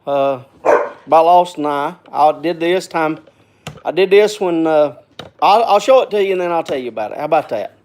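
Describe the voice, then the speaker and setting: A man's voice: on the high side, normal speed, slight background noise. A man hosting a live stream in casual chat, rambling, folksy and repetitive, sometimes working himself up. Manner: gets worked up then calms.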